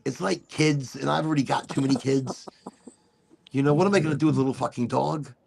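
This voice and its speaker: A man's voice: mid-range voice, fast talker, gravelly, background noise. A middle-aged man hosting a casual chat show, rambling freely with laughs and swearing. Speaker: podcast host.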